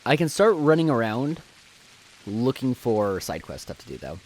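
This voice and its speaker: A man's voice: mid-range voice, very animated, normal speed, a little mellow, slight background noise. A man doing casual live game commentary, chatty and jokey, thinking aloud as he plays into a desk microphone. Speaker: streamer.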